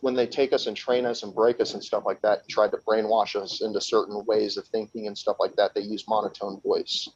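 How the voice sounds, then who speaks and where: A man's voice: fairly low pitch, little pitch movement, a little fast, few pauses, darkish tone, husky. A man talking as a podcast guest, telling a long story in a rambling, casual way with many restarts. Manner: rambling, with frequent restarts and laughs, acting out quoted voices. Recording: slightly dull lo-fi sound.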